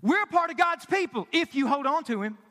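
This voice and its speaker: A man in his thirties preaching with a strikingly high, bright, forceful voice. He presses his points with rhetorical questions and sudden hushed drops. The sound rings with the long reverb of a large hall. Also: expressive, fairly quick. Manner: emphatic, asks the congregation questions, drops to quiet for emphasis. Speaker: pastor. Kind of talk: sermon.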